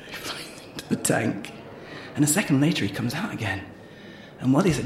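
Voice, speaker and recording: A man's voice: mid-range voice, animated, brisk, pauses often. A man co-hosting a podcast, telling long jokes theatrically and laughing along. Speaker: podcast co-host. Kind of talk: playful comedy sketch and joke telling. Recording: roomy sound with faint noise.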